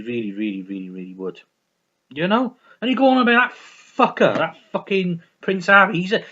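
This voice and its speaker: A man's voice: a little high, a bit bright, lo-fi sound. A man vlogging in a heated, swearing rant full of restarts. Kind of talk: ranting vlog monologue.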